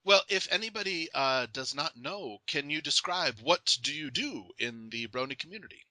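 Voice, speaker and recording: A man's voice: fairly high pitch, animated, normal speed, bright, forceful tone, dry recording. A young man hosting a casual interview, joking and laughing often. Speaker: podcast host.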